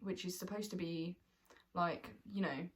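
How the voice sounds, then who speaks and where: A woman's voice: lowish voice, a little slow. Young girl vlogging with her best mate, laughing her way through a story. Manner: animated, laughing storyteller who acts out quotes. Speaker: vlogger host. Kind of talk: casual storytelling chat.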